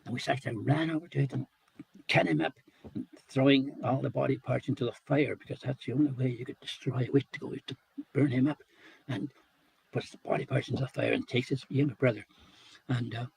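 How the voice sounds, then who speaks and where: A man telling a traditional folk tale, unhurried and repeating phrases for rhythm. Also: mid-range voice, steady tone, gravelly, a little mellow, husky, no room sound, low-quality recording. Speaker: storyteller. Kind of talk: oral folk storytelling.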